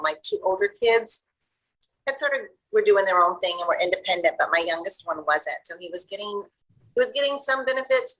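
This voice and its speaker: A middle-aged woman, a guest coach, telling a personal story in an interview in an animated way, acting out the voices of the people in it. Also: fairly low pitch, slightly rough, low-quality recording. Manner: animated, acts out the voices of people in her stories.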